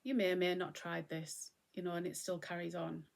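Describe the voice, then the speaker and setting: A middle-aged woman giving a gentle, conversational talk on mindfulness and acceptance as host. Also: on the low side, little pitch movement, a little fast, gravelly. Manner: gentle, conversational, often acting out what she would say.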